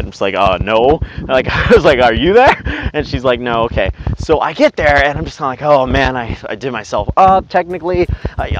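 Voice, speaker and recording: A young man tells a rambling story as he walks outside on a windy day, recorded on a handheld camera. He is blunt and swears freely, and his pitch sits in the middle for a man. Music plays clearly underneath, and wind comes through on the camera audio. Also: lo-fi sound. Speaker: vlogger. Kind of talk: casual storytelling while walking. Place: outdoors on a windy walk.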